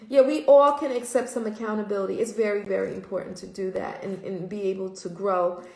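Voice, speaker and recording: A woman's voice: mid-range voice, steady tone, normal speed, gravelly, mellow, roomy sound, rough recording. A middle-aged woman hosting a casual livestream, talking candidly and reflectively with frequent ums. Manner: candid, reflective, frequent ums, curses when quoting herself. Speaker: host.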